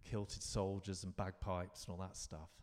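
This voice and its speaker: A man in his fifties from London, chatting as a guest in a live interview. He tells reflective, wandering stories, often restarting his sentences, in a low voice. A long reverb from the venue trails behind him. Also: flat delivery, a little slow, darkish tone. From London, England. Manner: rambling, reflective storytelling with frequent restarts. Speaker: guest performer.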